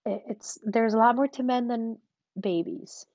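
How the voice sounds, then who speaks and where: A woman guest speaking candidly in an interview, telling her story in a frank, animated way and acting out what other people said. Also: measured pace, no echo. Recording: muffled low-fidelity audio.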